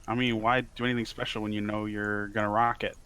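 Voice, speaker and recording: A man's voice: lowish voice, flat delivery, quick pace, noisy background. A man playing a tabletop game, chatting casually and playfully arguing his case. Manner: playful, bargaining, argumentative. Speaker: player.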